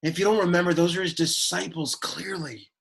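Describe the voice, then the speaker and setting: A man voicing a sullen, awkward teenage boy who gives a Latin lesson, deadpan, whiny and easily annoyed. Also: high voice, brisk, creaky, exaggerated voice. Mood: exasperated deadpan. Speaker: Latin teacher.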